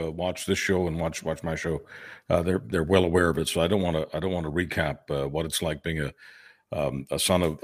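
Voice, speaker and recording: A man's voice: deep voice, no room sound, studio quality. A man co-hosting a podcast, brash and punchy in delivery. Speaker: co-host. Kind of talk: podcast talk.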